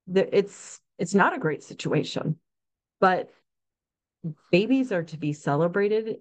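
Earnest low-voiced woman nurse in her 50s. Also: poor audio. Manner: earnest, warm, encouraging. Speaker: neonatal nurse practitioner. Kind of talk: interview guest answers.

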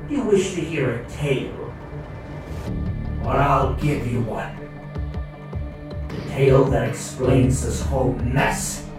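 Ominous ancient male being, put on by a man, slow storyteller, distant and echoey with music behind. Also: medium pitch, natural voice. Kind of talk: dramatic intro narration.

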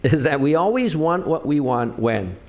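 Conversational pastor preaching with lively emphasis. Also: male voice, normal speed. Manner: conversational preaching with frequent call-and-response questions; pitch rises and falls for emphasis on key phrases. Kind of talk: sermon.

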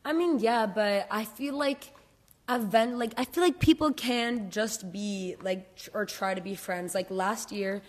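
A woman's voice: medium pitch, a little slow. Candid young woman, rambling casual chat. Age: young adult. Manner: candid, rambling, many "like" fillers. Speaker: podcast host or guest.

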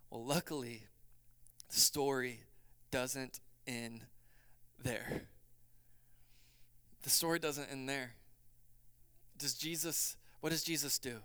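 A man preaching a sermon as pastor, swinging between loud urgency and quiet, hushed passages. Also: mid-range voice, measured pace, smooth, no room sound.

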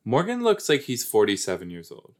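A man's voice: mid-range voice, huge pitch swings, a little fast, darkish tone. A man hosting a casual watch-along podcast, talking playfully to his listeners. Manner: playful, giggly, talks to listeners as "you guys". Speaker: podcast host.

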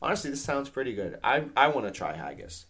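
Animated, lively-pitched male podcast host. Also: quick pace. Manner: animated, apologetic about pronunciations. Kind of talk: casual chat, reading a review aloud.

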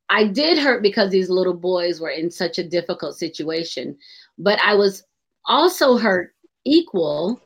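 A woman hosting a radio talk show, chatting openly and expressively and laughing easily. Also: mid-range voice.

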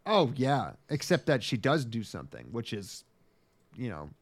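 Man, podcast co-host, sarcastic, profane, mid pitch, dry close mic. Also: sing-song, normal speed, no room sound. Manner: sarcastic, profane, acts out scenes in silly voices. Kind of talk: casual comedic anime recap.

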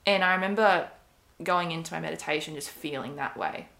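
A woman's voice: low-pitched, a little fast, vocal fry, bright, forceful tone. A young woman casually telling a personal story, rambling with many fillers and quoted asides. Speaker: podcast co-host.

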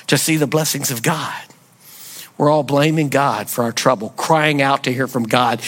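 A man preaching a sermon as pastor in a church, firing rhetorical questions and building to near-shouts. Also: on the high side. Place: church sanctuary.

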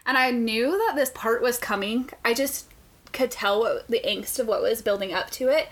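A young adult woman co-hosting a podcast, chatting casually about books, swearing freely and telling animated stories. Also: fairly high pitch, moderate pace. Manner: profane, animated storytelling. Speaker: podcast co-host. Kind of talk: casual book chat. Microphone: podcast mic.

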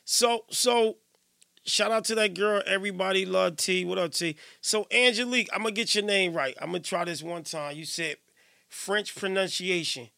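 A man hosting a live radio show in casual chat, playful and teasing, giving hyped shout-outs. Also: high-pitched, moderate pace, creaky.

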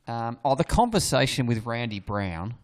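A man's voice: mid-range voice, very animated, normal speed. A man co-hosting a casual chat, laughing often as he retells quotes. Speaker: podcast co-host.

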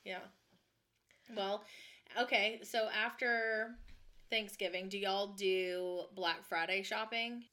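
A woman's voice: mid-range voice, steady tone, takes it slowly, bright, forceful tone. A young adult woman, chatting casually as a podcast co-host and throwing in wry, teasing questions. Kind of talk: casual chat.

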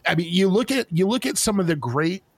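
Excited, fast-rambling man, fairly high voice. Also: breathy edge, no echo. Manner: excited, profane, rambling with restarts. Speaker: podcast co-host. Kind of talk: casual chat.

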